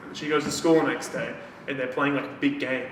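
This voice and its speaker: A man co-hosting a podcast in casual chat, retelling a book's plot with lots of swearing and quick acted-out lines. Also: medium pitch, fairly even intonation, far from the mic. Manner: swears a lot, acts out characters' lines. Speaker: podcast co-host. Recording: echoey room, off-mic, faint noise.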